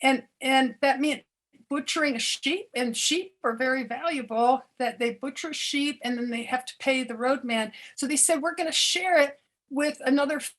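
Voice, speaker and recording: An older woman and former doctor telling a personal story in an interview, earnest and halting, often restarting her words. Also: high voice, fairly bright tone.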